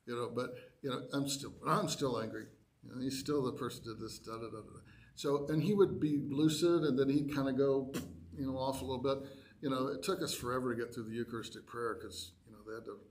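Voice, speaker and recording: Guy telling a church class a story, really animated, does little voices for his own reactions, mid pitch. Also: quick pace. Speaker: adult education speaker.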